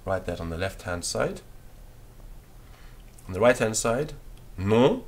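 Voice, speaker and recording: Slow husky man dictating a lesson. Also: fairly low pitch, very animated. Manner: slow, patient, spells words letter by letter. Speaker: French teacher.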